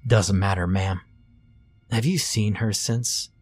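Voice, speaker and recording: A man voicing a weary, wary detective who mumbles in a low, blunt way. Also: fairly even intonation, slow pace, faint music behind. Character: weary, wary middle-aged male detective.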